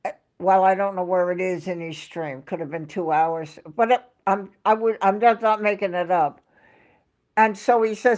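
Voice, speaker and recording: A woman's voice: medium pitch, moderate pace. A woman hosting a casual livestream from home, telling a rambling story and talking to her chat. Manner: rambling, chatty storytelling, reading out chat names. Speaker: livestream host.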